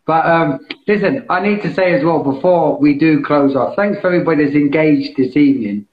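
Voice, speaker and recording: A British man hosting a live meditation session, talking casually and enthusiastically as he pitches a membership, with frequent restarts. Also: a little fast. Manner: enthusiastic, salesy, restarts often. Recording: echoey, dull lo-fi sound.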